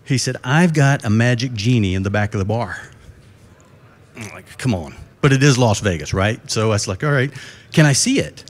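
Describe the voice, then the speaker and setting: A man's voice: medium pitch, expressive, moderate pace. A middle-aged man giving a live conference keynote, telling folksy jokes and putting questions to the crowd. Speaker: keynote speaker. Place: conference stage before a live audience.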